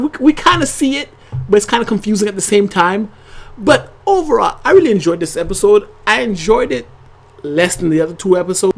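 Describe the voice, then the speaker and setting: With a mid-range voice, a chatty channel host reviews a TV episode casually to camera. The talk rambles conversationally, relying on "like" and tag questions.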